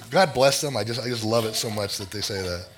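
A man's voice: lowish voice, a little fast, fairly bright tone. An older man leading a prayer and opening a church sermon in an earnest, conversational way. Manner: earnest, conversational, self-deprecating. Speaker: lay preacher. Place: church sanctuary.

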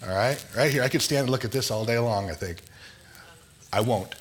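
A man's voice: mid-range voice, brisk, a little hiss or hum. An older man leading a prayer and opening a church sermon in an earnest, conversational way. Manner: earnest, conversational, self-deprecating. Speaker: lay preacher. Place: church sanctuary.

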